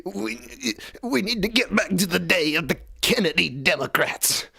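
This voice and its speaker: A man putting on a high, strained voice to impersonate an earnest older male politician. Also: animated, moderate pace, gravelly, pushed and bright, full character voice.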